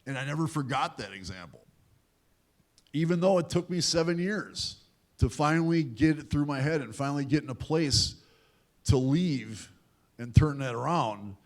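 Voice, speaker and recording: A man's voice: a little high, expressive, normal speed. A man giving a candid, self-deprecating personal talk to a young audience, acting out the voices of people in his story. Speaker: guest speaker at a youth event. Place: large event hall at a university.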